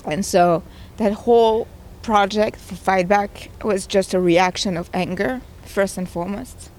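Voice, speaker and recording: A woman's voice: mid-range voice, unhurried, darkish tone. A woman in her thirties, a game creator, talking earnestly and with conviction in a conversational interview. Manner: earnest and emotional, speaks with conviction. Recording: faint background noise.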